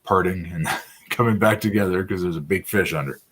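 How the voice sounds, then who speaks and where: Guest angler, male, very deep voice, laid-back and chuckling. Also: a little fast, a bit bright. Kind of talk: casual chat.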